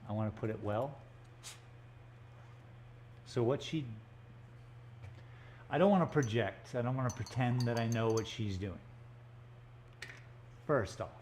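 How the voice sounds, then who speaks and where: A man's voice: mid-range voice, measured pace, pauses often, a little mellow, slight background noise. A man chatting casually and joking in rambling asides while he paints live in an art gallery studio. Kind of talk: casual live-stream chat.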